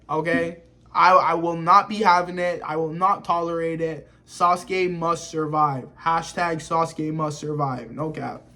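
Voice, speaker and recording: A reviewer talking through a manga chapter casually, in slangy, excitable and profane speech. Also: mid-range voice.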